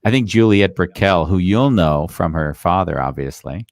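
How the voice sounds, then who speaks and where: A man's voice: low voice, animated, moderate pace, dry recording, clean studio sound. A man hosting a live interview, chatting casually and rambling with many fillers. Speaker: podcast host.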